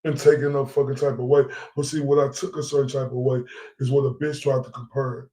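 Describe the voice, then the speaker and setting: A man's voice: mid-range voice, flat delivery, a little fast, mellow. Heated, profane man in echoey room. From Dallas area. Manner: heated, profane, repeats himself, asks "right?". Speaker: vlogger. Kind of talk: angry monologue to followers.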